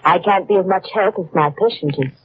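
A woman's voice: fairly low pitch, fairly quick, lightly acted. An actress playing a falsely kind, sinister female nurse in a 1940s radio drama, sweetly reassuring with menace underneath. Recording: muffled old radio broadcast with faint hiss.

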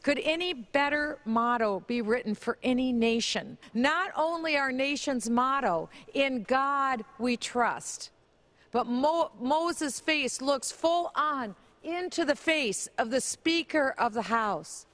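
A woman gives a formal speech. Her voice sits high, and she speaks slowly with declamatory earnestness. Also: lively intonation, fairly bright tone. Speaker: public speaker.

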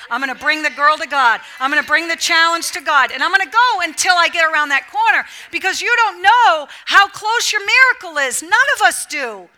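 A woman's voice: sits high, bright, forceful tone. A woman preaching a fervent, emphatic sermon to a women's church gathering, with a repetitive preaching cadence.

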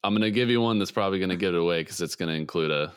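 Low-voiced male podcast host, dry sound. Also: rapid-fire, clear, resonant tone, no echo. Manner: hesitant, repeats words when starting. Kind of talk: casual chat.

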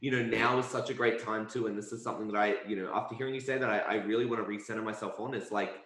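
A man's voice: on the low side, steady tone, racing, fairly bright tone. Earnest male podcast host, roomy echo. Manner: affirming, earnest, repeats words while thinking. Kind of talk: casual conversation.

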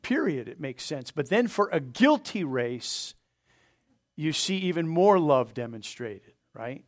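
A man pastor preaching a sermon, earnest, pressing his points hard and then letting them fall soft. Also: on the high side, very animated, measured pace. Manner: earnest preaching with rising emphasis and soft drop-offs; asks the congregation to open their Bibles.

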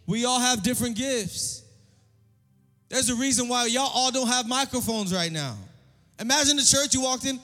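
A male pastor preaching a sermon in a church service, energetic and repetitive, calling for responses from the congregation. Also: very high voice, moderate pace, long pauses. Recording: long hall reverb, faint music.

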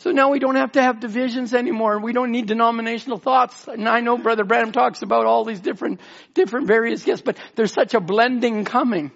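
Man, pastor, emotional sermon, high gravelly voice, husky, dull lo-fi recording. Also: fairly even intonation, fast, fairly bright tone. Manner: tearful, pleading, rambling with restarts. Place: church.

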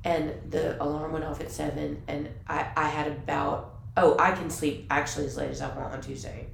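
A woman co-hosting a podcast in casual chat, talking in an animated way with many fillers. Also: low-pitched, normal speed, creaky. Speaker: podcast co-host. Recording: roomy with faint background hiss.

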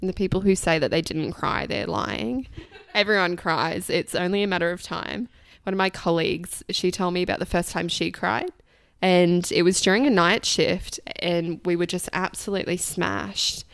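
A woman's voice: lowish voice, steady tone, normal speed, creaky, no room sound. A young woman in her twenties, a nurse chatting frankly on a podcast, laughing often and swearing casually. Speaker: registered nurse guest.

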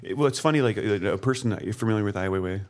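Deep-voiced man, halting and enthusiastic. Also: darkish tone. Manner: halting, many restarts, enthusiastic. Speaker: podcast guest, artist. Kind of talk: casual conversation.

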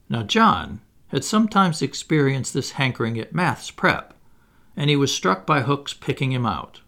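A male narrator reading a classic storybook aloud. His voice has a gravelly texture and moves through a wide, lively range, and his delivery is measured and expressive throughout. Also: mid-range voice. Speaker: audiobook narrator.

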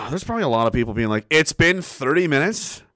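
A man's voice: medium pitch, expressive, fairly quick, fairly bright tone, dry recording, studio quality. A young man streaming, rambling through a casual story with profanity, frequent laughter and acted-out quotes.

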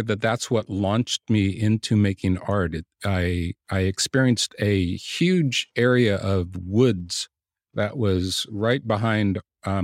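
Brief: low-voiced man, thoughtful guest, dead-dry sound. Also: dry recording. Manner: reflective, with restarts. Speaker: guest painter. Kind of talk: interview answers.

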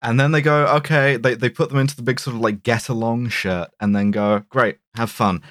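A man's voice: medium pitch, brisk, no room sound. Man talking in a dry, close voice. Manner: animated and rambling, with frequent restarts and laughter. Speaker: podcast co-host. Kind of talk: casual film discussion podcast.

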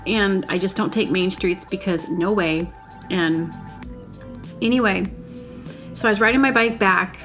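A woman's voice: medium pitch, a bit bright. A woman telling a rambling personal story in a casual solo vlog, upbeat and giggly, with lots of "like" fillers. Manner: rambling, chatty, full of "like" fillers.

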